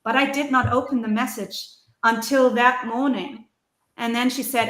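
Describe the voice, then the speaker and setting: A woman's voice: on the high side, steady tone, moderate pace, a bit bright. A woman from Germany, telling a heartfelt personal story in conversation, earnest and searching, with frequent ums and restarts. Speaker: ceremony practitioner sharing experiences. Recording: roomy echo.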